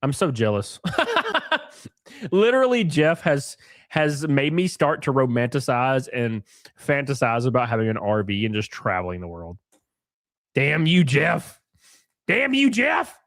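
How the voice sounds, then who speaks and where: A man hosting a live stream, chatting casually and joking loudly with viewers while sick and sniffly. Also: medium pitch, lively intonation, measured pace, no room sound, studio quality. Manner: rowdy, jokey, loud exclamations and laughs. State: sick and sniffly, stuffed nose.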